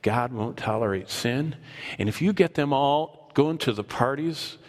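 A man voicing Balaam, a scheming prophet, in a low, quiet, sly tone. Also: animated, measured pace, lightly acted. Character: Balaam, scheming male prophet whispering advice. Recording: long hall reverb.

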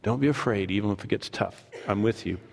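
A man voicing Jesus as a calm, reassuring teacher, speaking low and steady. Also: slow pace. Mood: encouraging. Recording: long hall reverb.

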